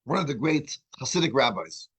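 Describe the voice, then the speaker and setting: A man teaching a weekly religious class, asking the group questions and telling stories in an animated way, often restarting his words. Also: mid-range voice, a little fast, breathy edge, rough recording. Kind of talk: lesson with storytelling.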